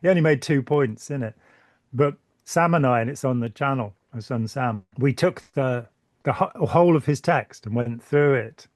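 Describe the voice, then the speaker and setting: A British channel host leads a relaxed conversation at normal speed in a mid-range voice, drifting between points with wry jokes, false starts, stumbles, and repeated words. By the end his voice sounds a bit tired, and the recording is dry and close with no room sound.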